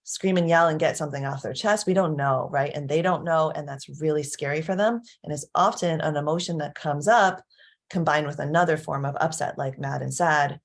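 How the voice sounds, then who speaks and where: A woman's voice: sits low, brisk, creaky. A woman giving a casual parenting lesson in a chatty way, laughing often and checking in with her listeners. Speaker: parenting coach. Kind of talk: casual teaching talk.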